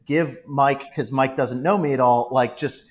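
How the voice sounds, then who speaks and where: Man with a mid-range voice, a podcast guest who breaks down movie scenes with lively enthusiasm. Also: medium pitch, measured pace. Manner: animated, joking, retells film scenes. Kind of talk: casual movie podcast chat.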